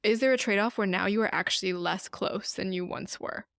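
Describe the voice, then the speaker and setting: Gravelly-voiced woman musing aloud. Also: mid-range voice, brisk, no room sound, studio quality. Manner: musing, thinks out loud with hedges. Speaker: podcast co-host. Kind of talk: casual chat.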